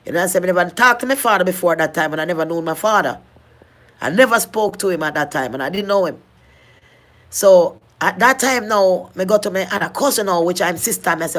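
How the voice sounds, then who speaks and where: A woman's voice: on the low side, fast. Middle-aged Jamaican woman telling her story. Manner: earnest, heavy patois, repeats and restarts phrases. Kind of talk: personal storytelling.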